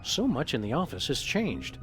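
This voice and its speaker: A man voicing a calm, upright dog detective in a video game, speaking in polite, measured, wordy phrases. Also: medium pitch. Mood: dry. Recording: game audio under music.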